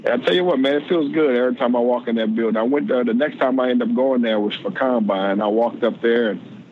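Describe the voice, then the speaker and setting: A man's voice: mid-range voice, fast talker, phone-quality sound, slight background noise. A man in his forties, a former pro football player, talking as a podcast guest and often repeating words as he searches for them. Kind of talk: casual podcast interview.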